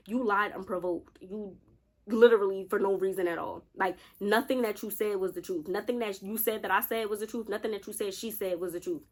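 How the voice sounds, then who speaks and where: A woman in her late twenties telling a college story to her viewers in a casual, animated way, calling them y'all and acting out what people said. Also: mid-range voice, fast talker. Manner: animated, addresses viewers as y'all, acts out quotes. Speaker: storytime vlogger.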